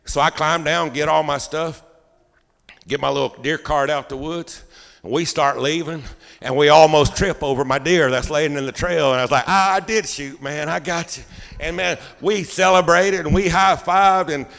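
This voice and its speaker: A man pastor preaching a sermon as a folksy, animated storyteller. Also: fairly high pitch, normal speed, gravelly, long reverb tail. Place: church sanctuary.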